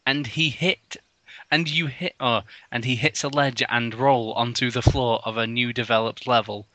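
A man reading a badly written story aloud for comedy, mocking its spelling and bursting into loud, over-the-top dramatic lines. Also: medium pitch, steady tone, moderate pace. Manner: bursts into loud exaggerated outbursts, mocks spelling. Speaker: comedy reader of fan fiction. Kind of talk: mock dramatic reading with commentary.

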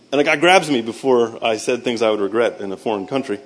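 A man in his thirties, a military veteran giving a faith talk. He tells animated, self-mocking stories, makes sound effects with his voice, and quotes scripture. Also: mid-range voice, moderate pace, breathy edge. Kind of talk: storytelling speech with scripture.

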